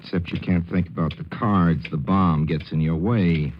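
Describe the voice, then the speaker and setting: A man's voice: low-pitched, steady tone, normal speed, highs cut off, slight background noise. A man delivering a wry, theatrical scripted commentary on a 1940s radio broadcast.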